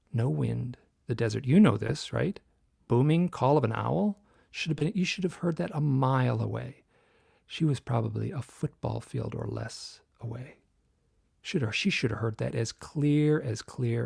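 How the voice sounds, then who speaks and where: Gravelly-voiced man in his sixties. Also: medium pitch, moderate pace, no room sound, clean studio sound. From Michigan. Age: 60s. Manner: animated storyteller, drops to a whisper for tense moments. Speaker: guest author. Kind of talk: storytelling in a podcast interview.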